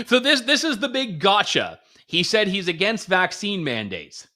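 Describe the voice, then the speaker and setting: Bright high-voiced male commentator. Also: measured pace, faint music behind. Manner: energetic, chuckling, sarcastic commentary. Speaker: political commentary host. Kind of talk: political commentary show.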